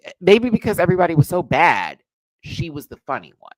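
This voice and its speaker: A man hosting a live review show, ranting bluntly and with swearing, his voice swinging from quiet mutters to loud high outbursts. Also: big pitch swings, fast talker, no echo, rough recording. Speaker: drag race reviewer and channel host.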